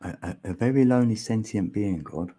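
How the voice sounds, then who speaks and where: A man's voice: fairly low pitch, a little fast, mellow, slightly rough. A man hosting a livestream, chatting casually with viewers and rambling through musings with frequent laughs, on a mic mounted on an arm extension. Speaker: livestream host.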